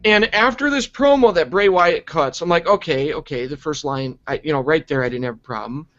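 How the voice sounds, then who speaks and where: A man reviewing wrestling in a profane, exasperated rant, sarcastic and quick to mock. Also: fairly high pitch, a bit bright. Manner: sarcastic and exasperated, heavy swearing. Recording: dull lo-fi recording.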